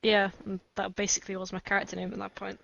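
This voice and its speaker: A woman guest in a casual podcast chat, soft-spoken and self-deprecating, laughing often. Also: mid-range voice, little pitch movement, fast, creaky. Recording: dry, dull lo-fi voice chat.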